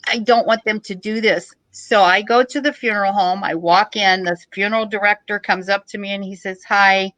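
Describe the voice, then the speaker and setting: A middle-aged woman, a podcast guest, telling a story in a joking, lively way. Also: mid-range voice, moderate pace, few pauses, no echo, rough recording. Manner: joking, animated storytelling with laughs. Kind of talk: casual storytelling.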